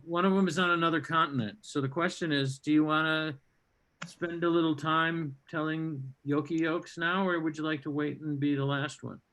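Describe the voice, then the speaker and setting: A man's voice: on the high side, fairly even intonation, moderate pace, a bit bright. A man hosting an online comedy show over a video call, teasing the comics with wry banter.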